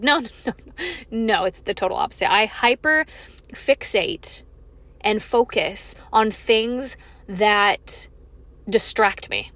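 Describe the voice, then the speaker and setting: A young woman hosting her own podcast, talking frankly and emphatically, swearing freely as she opens up about feeling low. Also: expressive, measured pace, a bit bright. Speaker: podcast host. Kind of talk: candid solo podcast monologue.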